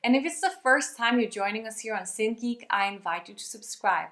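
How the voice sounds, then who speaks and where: Young woman singing coach, kinda high voice, upbeat, roomy echo. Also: brisk, a bit bright. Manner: upbeat, talks straight to viewers. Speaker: singing teacher. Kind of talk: vocal health tutorial.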